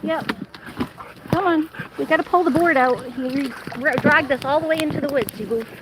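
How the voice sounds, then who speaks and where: A woman's voice: high voice, normal speed, noisy background. A woman filming herself outdoors at a lake with her dog, talking casually and laughing often, recorded by a camera on a tripod. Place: outdoors at a lake shore and woods.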